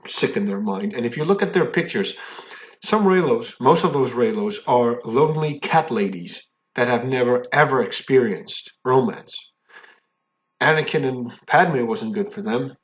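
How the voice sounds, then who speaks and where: Indignant man ranting on a dull recording. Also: mid-range voice. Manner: heated and indignant, keeps tagging "okay?"; repeats and restarts when worked up. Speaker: fan commentary vlogger. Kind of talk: angry ranting monologue.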